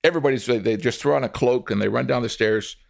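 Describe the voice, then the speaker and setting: Gravelly-voiced man telling a story. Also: medium pitch, quick pace. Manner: lively, dramatic storytelling. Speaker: storyteller, speaker. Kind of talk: storytelling to a live audience.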